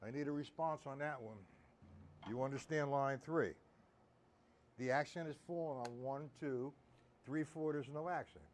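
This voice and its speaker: A man's voice: mid-range voice, moderate pace, long pauses, slight background noise. A man giving a live-streamed drum lesson, explaining accents and counting beats aloud. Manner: counts beats aloud loudly over drumming. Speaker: drum teacher. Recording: loud drum music under voice. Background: drums playing.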